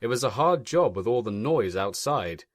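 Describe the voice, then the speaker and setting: A man's voice: mid-range voice, animated, normal speed, no room sound, studio quality. A man giving scripted narration of a comic story in a wry storytelling manner.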